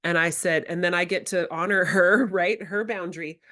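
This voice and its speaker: A woman's voice: on the low side, steady tone, normal speed, few pauses, bright, forceful tone. A woman presenting a workshop to educators, talking in a reflective, candid way and acting out her own quoted words. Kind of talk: teaching workshop talk.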